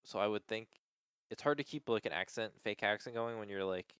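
A man in casual chat, telling a story in an animated way and filling his talk with "like". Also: a little fast, smooth, dry recording, studio quality. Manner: animated storyteller, acts out quoted people in high voices, heavy use of "like".

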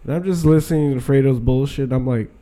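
A man's voice: mid-range voice, quick pace, dark tone. A young man telling a rowdy story among friends, swearing often and breaking into laughter.

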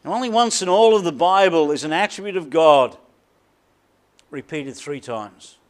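A man with a high voice preaches a sermon from the pulpit. He leans hard on repeated words and lets key phrases sink to a near hush before rising again. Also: animated. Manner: emphatic preaching with deliberate repetition and dramatic drops in volume. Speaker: pastor.

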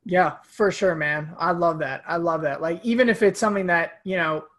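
A podcast co-host chats casually, animated and swearing freely. He's a man with a slightly high voice who talks at a moderate pace.

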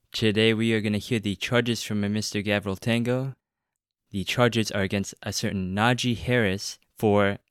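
A man's voice: fairly low pitch, clear, resonant tone, no room sound. A man hosting a podcast who plays a judge in a joking courtroom bit, reading charges in a dry, mock-formal way.

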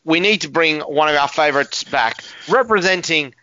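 Australian male sports host, bright tone, dry slightly dull recording; energetic announcer delivery. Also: a little high, normal speed, no room sound. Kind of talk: radio sports show hosting.

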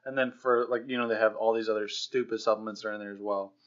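A man's voice: lowish voice, fairly even intonation, fast talker. A young man co-hosting a casual podcast, blunt and laid-back, swearing freely. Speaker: podcast co-host. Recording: dull lo-fi podcast audio.

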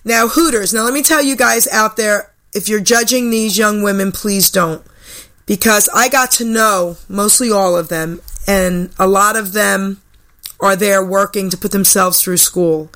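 An older woman hosting a radio talk show, telling a personal story in a chatty way. Her voice is bright and clear. She acts out the people she quotes. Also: medium pitch, a little slow. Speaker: radio host. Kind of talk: storytelling chat. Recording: radio broadcast.

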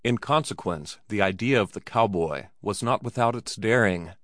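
Low-voiced man narrating a story. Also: moderate pace, dry recording, clean studio sound. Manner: steady storytelling delivery. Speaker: audiobook narrator. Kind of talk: scripted narration.

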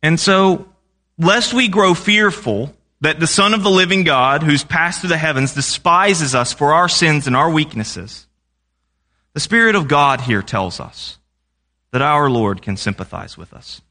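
Young guy preaching, bright clear tone, chatty and asks the crowd stuff. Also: a little high, expressive, a little slow. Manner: conversational, asks the congregation questions. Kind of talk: sermon.

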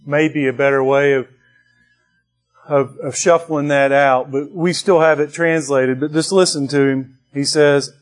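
A man's voice: on the high side, steady tone, measured pace, faint music behind. A man preaching a sermon to his congregation in a conversational way, with restarts and bursts of rising emphasis. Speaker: pastor.

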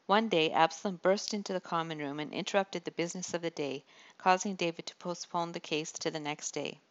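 Woman reading a novel aloud, low voice, steady and measured, kinda dull lo-fi sound. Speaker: audiobook narrator. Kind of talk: scripted narration of a historical novel.

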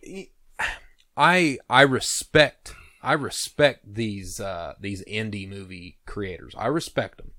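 A man's voice: on the low side, slow, sharp tone, no echo, clean studio sound. A man co-hosting a casual chat, talking emphatically and with strong opinions, now and then swearing. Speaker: podcast co-host.

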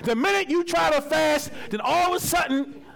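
A man preaching a sermon as pastor, colloquial and animated, acting out little voices and calling on helpers to read. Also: very high-pitched, normal speed, gravelly. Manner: teaches with props and volunteers, calls on readers.

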